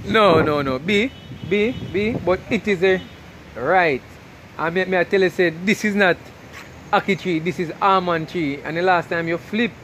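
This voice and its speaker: A man's voice: sits high, normal speed, fairly bright tone, a little hiss or hum. A man with a Jamaican accent vlogging to camera outdoors under a tree in the rain, chatty and laughing often. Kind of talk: casual vlog talk to camera.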